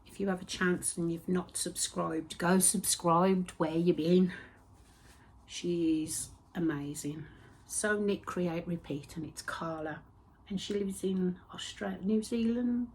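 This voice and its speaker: Husky lady rambling on about her crafts, slow and easy, drops to a whisper now and then. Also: lowish voice, steady tone. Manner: chatty and rambling, with soft whispered asides. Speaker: host of a knitting and spinning podcast. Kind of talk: casual chat.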